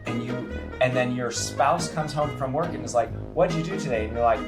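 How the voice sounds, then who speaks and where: A middle-aged man co-hosting a podcast, speaking in a relaxed, conversational way with many fillers. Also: medium pitch, fairly quick, loud music behind the voice. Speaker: podcast co-host. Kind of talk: casual chat.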